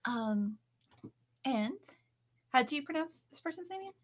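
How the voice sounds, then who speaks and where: A woman's voice: high-pitched, expressive, normal speed. A woman co-hosting a live comics chat show, giggly and playful as she reads viewer messages aloud. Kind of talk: casual live-stream chat.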